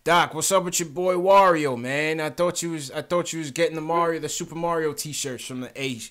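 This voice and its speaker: A man's voice: a little high, brisk, crowd noise. A man hosting a sports call-in podcast, talking in a loose, slangy way with frequent restarts and repeated phrases. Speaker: podcast host. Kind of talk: casual talk show chat.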